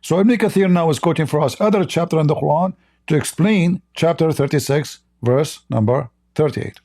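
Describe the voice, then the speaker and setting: Losing his voice, this gravelly, dark-toned man hosts a live stream commenting on a religious debate, his pitch on the high side. He slowly reads out quoted passages before responding with mockery.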